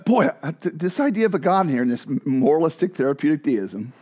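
A man preaching a sermon in an animated, conversational way with emphatic asides. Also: fairly high pitch. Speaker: pastor.

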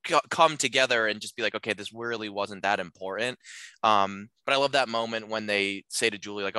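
A man casually talking through a film on a podcast, rambling with lots of filler words and acting out lines in animated voices. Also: fairly low pitch, fairly quick, smooth, no echo.

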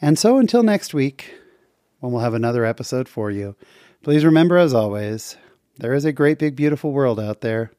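Earnest guy from the western us telling a church story on his podcast, relaxed warm voice. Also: normal speed, no echo, studio quality. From western United States. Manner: earnest, lively retelling with sudden pitch jumps. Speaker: podcast host. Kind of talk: casual faith storytelling podcast.

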